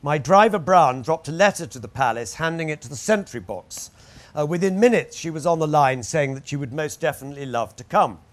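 Guy reading his own memoir, wry storyteller, fairly high voice that moves around a lot. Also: expressive, a little fast. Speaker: memoir narrator.

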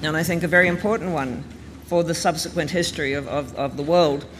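A man giving a thoughtful, conversational talk on history, explaining events in a measured, storytelling way. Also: on the high side. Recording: reverberant room with faint background noise.

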